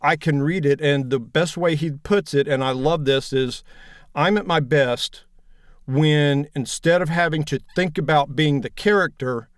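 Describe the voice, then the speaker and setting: A man in his fifties speaks with a broad Southern drawl, easygoing and plainspoken as he talks about his narration work. His voice sits a little high for a man. The sound is dry and close, with no room echo. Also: measured pace. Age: 50s. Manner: relaxed, plainspoken, folksy. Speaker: audiobook narrator guest. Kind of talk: casual interview chat.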